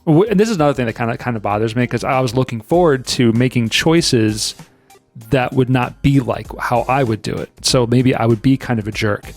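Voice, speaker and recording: A man's voice: mid-range voice, brisk, soft background music. A man hosting a podcast in casual chat, rambling with many restarts and frequent laughs. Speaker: podcast host.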